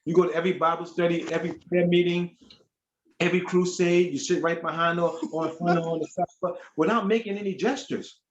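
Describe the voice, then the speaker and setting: A man on a discussion panel, telling a personal story in an animated way and acting out the quotes. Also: sits high, fairly quick, a little hiss or hum. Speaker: panel guest. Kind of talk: casual panel chat. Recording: echoey, dull lo-fi sound.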